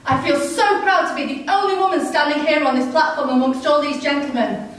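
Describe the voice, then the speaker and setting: A woman's voice: high voice, a little fast, lightly acted. An actress playing a working woman marcher who tells her own story in an earnest first-person way. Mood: proud. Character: working woman marcher, proud then wounded. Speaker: narrating character. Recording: very echoey, distant mic.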